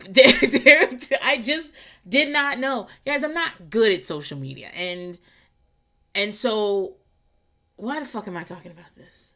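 Solo podcast host, woman, bright tone, rambling and profane, quick to laugh. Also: lively intonation. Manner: rambling, profane, laughs often, jumps to squealing high voices for quotes. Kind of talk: casual solo podcast rant. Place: garage.

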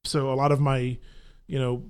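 A man's voice: mid-range voice, level tone, normal speed, a little mellow, clean tone. A young man from Texas chatting casually, stammering and restarting, now and then trying out a Brooklyn accent.

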